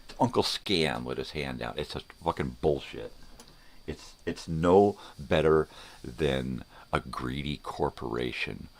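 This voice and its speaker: A man's voice: extremely low pitch, measured pace. An older man hosting his own morning vlog, ranting bluntly and with heavy profanity. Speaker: vlogger.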